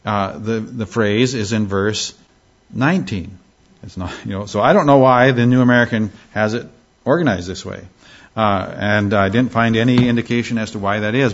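A man teaching a Bible class verse by verse, talking it through in a loose, conversational way. He keeps pausing on fillers and checking in with his listeners. His voice sits at an ordinary middle pitch, and the recording is a little dull and lo-fi. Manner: conversational, frequent "all right?" check-ins and filler pauses.

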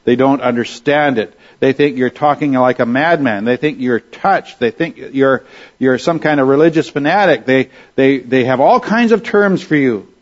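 A man's voice: mid-range voice, normal speed. Earnest preaching man, dull lo-fi sound. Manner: earnest, conversational preaching with rhetorical questions. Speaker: pastor. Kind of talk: sermon.

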